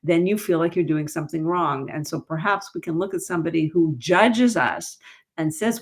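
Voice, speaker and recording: Woman, grief counselor, interview guest, animated, expressive pitch jumps. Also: normal speed. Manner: animated, rises high when quoting others. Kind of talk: conversational interview.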